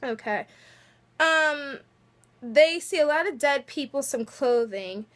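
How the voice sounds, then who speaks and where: A woman's voice: high voice, animated, slow, a bit bright. A woman casually recapping a TV episode on her vlog in a chatty, giggly way, full of filler words. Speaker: vlogger.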